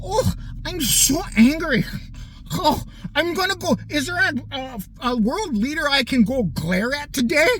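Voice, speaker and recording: A man's voice: very high-pitched, expressive, unhurried, a bit bright, voice pushed up, heavily acted, poor audio. A man in his forties putting on a mocking, exaggerated voice of a whiny, angry teenage girl activist. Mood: mock outrage. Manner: exaggerated, sing-song mockery.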